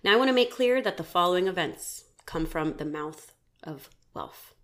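A woman hosting a podcast, telling a true crime story in casual chat, animated, laughing often and swearing freely. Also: on the low side, normal speed.

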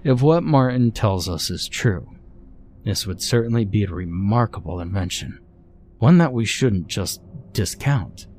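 A man's voice: fairly low pitch, animated, measured pace, a little mellow, slight background noise. A man voicing a small-town mayor who reasons carefully and hesitates with fillers. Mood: reasoning.

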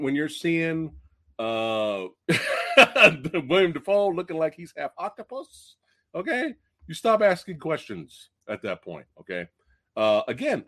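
A man hosting a casual movie review livestream, excitable and profane, swinging from loud outbursts to low mutters. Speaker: podcast host.

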